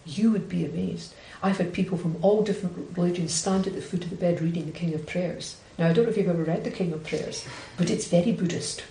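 A Scottish woman speaks with a gravelly, creaky edge and a direct, lively way of acting out what others said. Her voice carries in an echoey room with a faint hiss under it. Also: on the low side, fast talker, hardly any pauses. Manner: direct, animated storyteller who acts out quoted dialogue. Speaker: Buddhist nun. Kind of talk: recounting a personal story in conversation.

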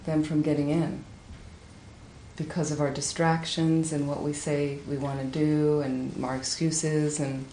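A woman's voice: measured pace, slight background noise. Woman telling a dharma story in a roomy hall. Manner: animated storytelling with high acted quotes. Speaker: Buddhist teacher. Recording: echoey room with faint ambience.

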